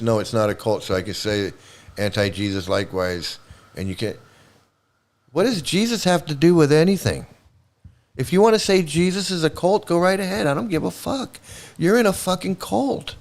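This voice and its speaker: A man's voice: on the high side, normal speed, a little mellow. A man hosting a livestream, ranting angrily and sarcastically, with a lot of swearing. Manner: angry, sarcastic, heavy swearing. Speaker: host. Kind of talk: profane ranting livestream commentary.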